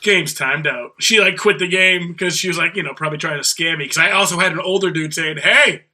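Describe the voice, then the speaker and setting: A man's voice: on the high side, quick pace, bright, forceful tone. A man co-hosting a podcast who tells jokey, profane anecdotes in casual chat. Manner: joking, profane anecdote teller. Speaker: podcast co-host.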